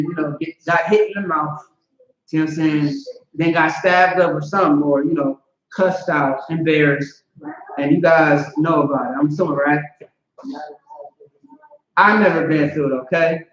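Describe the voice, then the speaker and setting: A man teaching an informal scripture class, talking conversationally and often asking "you know what I'm saying". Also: high voice. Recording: roomy, dull lo-fi.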